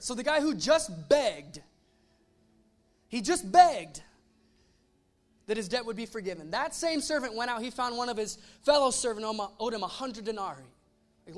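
A pastor preaching a casual, animated sermon, retelling a story with voiced asides. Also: male voice, very high voice, normal speed.

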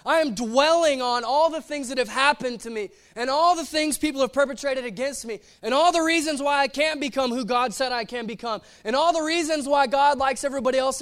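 A man preaching a sermon in an animated, playful way, acting out little quotes as he goes. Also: extremely high pitch.

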